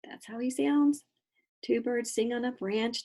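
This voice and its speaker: A woman teaching kindergarten, reading a picture book aloud with an animated, questioning storybook voice and stopping to explain things to the children. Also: fairly high pitch, unhurried.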